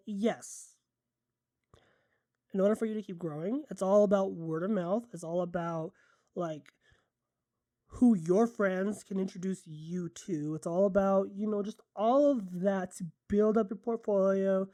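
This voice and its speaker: A woman's voice: medium pitch, warm tone, no echo, studio quality. A woman photographer chatting casually in a vlog, rambling and enthusiastic, often correcting herself mid-sentence. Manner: drinking coffee while talking. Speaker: photographer and content creator.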